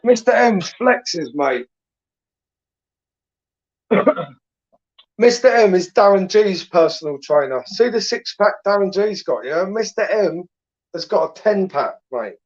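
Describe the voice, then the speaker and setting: Young male streamer, crude laddish late-night banter, a bit high-pitched, dull lo-fi mic sound. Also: animated, slow, pauses often, no room sound. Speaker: livestream host reading chat. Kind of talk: late-night live chat.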